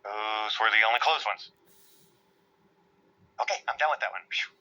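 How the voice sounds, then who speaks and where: A man's voice: fairly low pitch, normal speed, bright, forceful tone, highs cut off. A man leading a casual work call, rambling and muttering to himself as he works. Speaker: meeting lead.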